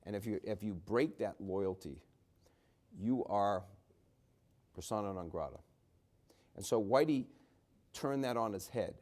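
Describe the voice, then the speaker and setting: This time the Boston-area author and journalist, middle-aged, sounds lowish and darkish, keeping a measured pace with long pauses. At his book talk he rambles chattily through stories, restarting often and adding wry asides.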